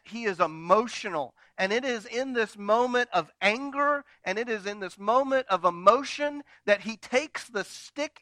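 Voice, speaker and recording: A man preaching a sermon from slides. He swings between loud, dramatic retellings and quiet, intimate asides to the congregation. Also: high voice, expressive, unhurried, dry recording. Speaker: pastor.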